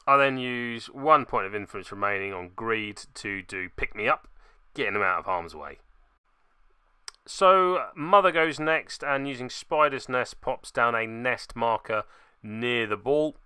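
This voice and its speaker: A man's voice: mid-range voice, animated, a little slow, sharp tone, smooth, no room sound, clean studio sound. A man narrating a tabletop miniatures game turn by turn, with wry, self-deprecating asides.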